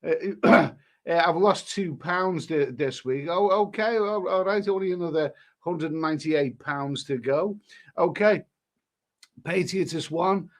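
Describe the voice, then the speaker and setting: On a laid-back live stream, a middle-aged man from England with a somewhat high voice takes his time reading out viewer names and messages. He rambles and chats about each one.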